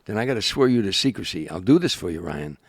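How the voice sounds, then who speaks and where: An older comedian telling stories in an interview, animated and acting out the people he quotes. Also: deep voice, fast talker, husky. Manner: animated storyteller, acts out quoted voices. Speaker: guest, comedian. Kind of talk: storytelling interview.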